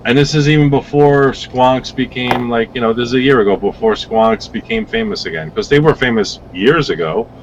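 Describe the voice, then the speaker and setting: A man on a podcast as a guest vape reviewer, rambling through casual stories with lively acted-out quotes and some swearing. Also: medium pitch, normal speed, hardly any pauses, lo-fi sound, a little hiss or hum. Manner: rambling, animated storytelling with swearing.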